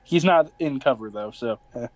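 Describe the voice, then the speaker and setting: A man's voice: medium pitch, expressive, moderate pace, no room sound. A man playing a tabletop game, hesitating and checking rules aloud. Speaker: player. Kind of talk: casual tabletop game talk.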